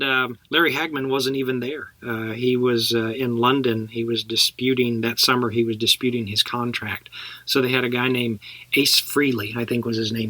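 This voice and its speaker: Bright-voiced middle-aged actor telling stories. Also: male voice, medium pitch, no echo. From Texas. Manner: chatty, laughs through his stories. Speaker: actor guest. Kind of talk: casual interview storytelling.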